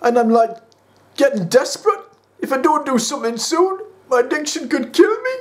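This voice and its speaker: A man acts out an eager young Geordie addict with a high, bouncing voice. He is blunt and excitable, a comic figure in a sketch. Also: moderate pace. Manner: eager and blunt, lively rises in pitch.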